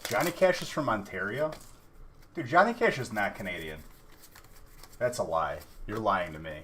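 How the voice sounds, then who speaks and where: A man's voice: fairly low pitch, expressive, moderate pace, background noise. A man hosting a live card-opening stream, chatting casually and teasing his viewers. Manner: joking, teasing chat viewers. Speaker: livestream card breaker.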